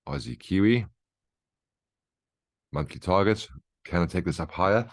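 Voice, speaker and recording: Deep-voiced guy doing a chatty trading rundown, keeps asking "right?", dry close sound. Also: creaky, a little mellow, no room sound. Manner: conversational, keeps checking in with "right?" and "okay?". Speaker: trading educator. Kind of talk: market briefing over charts.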